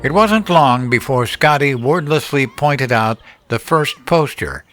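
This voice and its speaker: A man giving scripted horror story narration in a measured, deliberate storytelling manner. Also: medium pitch, expressive, fairly bright tone. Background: music.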